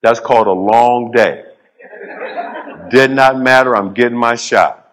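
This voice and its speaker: A middle-aged man giving a motivational storytelling speech on stage before a live audience, in short punchy phrases with dramatic pauses and dry humor. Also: medium pitch, fairly bright tone. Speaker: public speaker.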